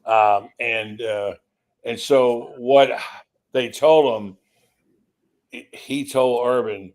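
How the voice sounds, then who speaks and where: A man's voice: mid-range voice, fairly even intonation, very slow, pauses often, a little mellow. A man, a sports writer guest, telling a story in a confiding, anecdotal way and often repeating his words. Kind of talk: casual storytelling on a panel.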